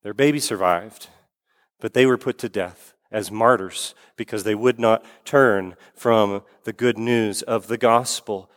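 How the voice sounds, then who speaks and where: A man's voice: lowish voice, unhurried. A man preaching a sermon as pastor in a church sanctuary, earnest, repeating key phrases for emphasis. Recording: long hall reverb.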